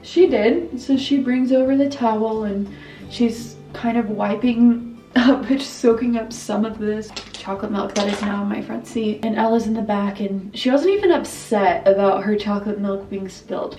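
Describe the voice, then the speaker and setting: A woman's voice: on the high side, mellow, distant mic. A young pregnant woman telling an emotional story in a vlog while doing her makeup, with quoted dialogue. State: pregnant, weepy. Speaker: family vlogger. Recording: roomy echo, voice off-mic.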